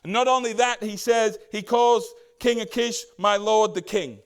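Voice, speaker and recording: A man with a notably high voice delivers a casual, conversational sermon as pastor. He throws rhetorical questions at the congregation and slips into quick voices for the Bible characters he quotes. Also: fairly even intonation, smooth.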